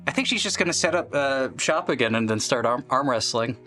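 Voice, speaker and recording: A man playing in a tabletop role-playing game, chatting in animated banter and laughing often. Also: medium pitch, brisk, faint music behind. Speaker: player. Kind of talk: casual tabletop game play.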